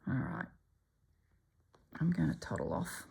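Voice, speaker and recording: A middle-aged woman, chatting casually as she stitches for her channel and often dropping to a soft whisper. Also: a little slow. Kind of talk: casual stitching vlog chat.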